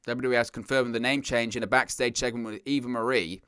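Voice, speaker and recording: A man's voice: medium pitch, fast talker, clean tone, no room sound, studio quality. A man hosting a wrestling news show, giving casual, exasperated and opinionated commentary. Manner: exasperated, ranting, animated.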